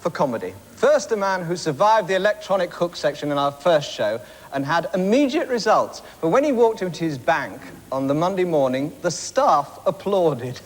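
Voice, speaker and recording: A man's voice: a little high, sing-song, normal speed, long reverb tail. A man hosting a talent show, introducing the acts with jaunty, wry patter. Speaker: show host.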